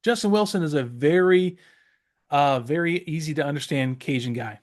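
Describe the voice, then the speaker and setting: A man's voice: a little high, normal speed. A man from the Southeastern US co-hosting a casual podcast, rambling with many fillers and restarts. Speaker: podcast co-host. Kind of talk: casual chat.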